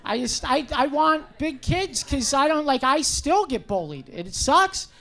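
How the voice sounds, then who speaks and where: A young man with a high-pitched voice doing a brash, profane, self-mocking stand-up set in a comedy club. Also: very animated, a little slow, creaky. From Canada. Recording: live club set with crowd noise. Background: audience laughter.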